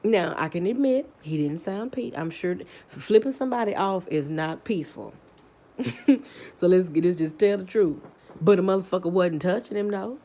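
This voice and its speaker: A woman's voice: lowish voice, normal speed, dark tone. A woman vlogger in a heated, profane opinion rant, blunt and swearing constantly, often restarting her sentences as she gets worked up. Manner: repetitive restarts when worked up.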